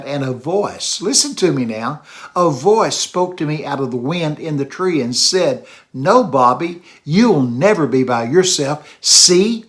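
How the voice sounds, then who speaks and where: Older East Texas preacher telling stories. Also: male voice, fairly high pitch. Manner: animated storytelling, acts out voices. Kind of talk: sermon storytelling.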